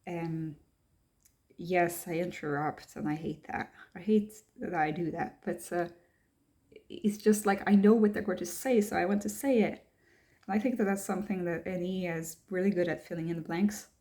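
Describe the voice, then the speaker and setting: Speaking to camera at normal speed, this young female vlogger has a lowish, mellow voice. She reads checklist items aloud and answers them herself, in a casual, thoughtful, hesitant way full of ums and restarts.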